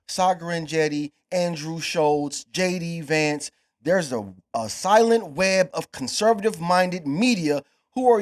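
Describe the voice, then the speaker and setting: An American man hosting a podcast, arguing in heated debate with forceful, profane emphasis that swells louder on key words. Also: high-pitched. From United States. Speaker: podcast host.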